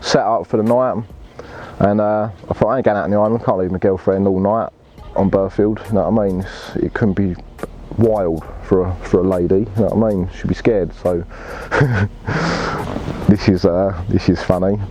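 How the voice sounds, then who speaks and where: A man's voice: low-pitched, steady tone, normal speed, dark tone, slight background noise. A man telling a fishing story in blunt, laddish slang and swearing freely. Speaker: angler telling his story. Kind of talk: casual storytelling.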